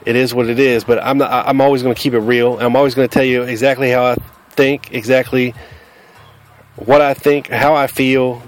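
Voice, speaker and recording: A man's voice: medium pitch, little pitch movement, normal speed, faint music behind. Blunt Southern man hosting a podcast. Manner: blunt, combative, cusses freely. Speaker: podcast host. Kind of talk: casual podcast monologue.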